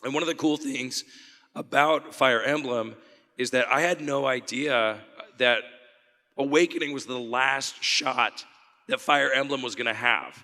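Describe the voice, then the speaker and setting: Chatty, bright-voiced man on a panel. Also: medium pitch, measured pace, in a large hall. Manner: chatty, laughs often, restarts sentences. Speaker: voice actor panel guest. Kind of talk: convention Q&A panel talk. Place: convention panel room.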